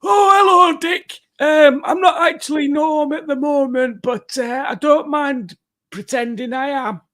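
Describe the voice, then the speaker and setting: A man voicing a cheerful, squeaky alter ego in a high falsetto on his livestream. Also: unhurried, fairly bright tone. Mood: chirpy.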